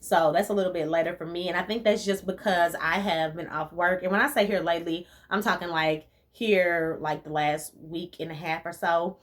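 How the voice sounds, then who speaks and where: A woman's voice: on the low side, normal speed, few pauses. Chatty young woman, laughs a lot. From rural US. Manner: chatty, animated, laughs often, Southern US slang. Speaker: vlogger answering viewer questions. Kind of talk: casual chat.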